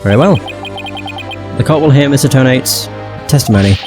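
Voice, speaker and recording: A man's voice: medium pitch, fairly quick, music in the background, close to an everyday voice. A man voicing a formal, stern older male judge in a courtroom game.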